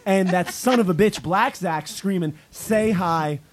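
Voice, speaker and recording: Late-20s man, high voice, profane rowdy storyteller, casual friend chat. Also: moderate pace, slight background noise.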